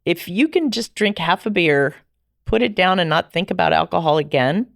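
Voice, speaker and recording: A middle-aged woman telling her personal story as a podcast guest, lively and acting out the dialogue she remembers. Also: lowish voice, moderate pace, gravelly, no room sound, clean studio sound. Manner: animated, acts out quoted dialogue.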